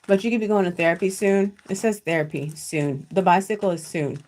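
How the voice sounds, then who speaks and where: A woman's voice: fairly low pitch, a little fast, a little mellow. A woman giving a casual live tarot reading from home over her computer, chatty, checking in with viewers and cussing now and then. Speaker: tarot card reader. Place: at home with her child nearby.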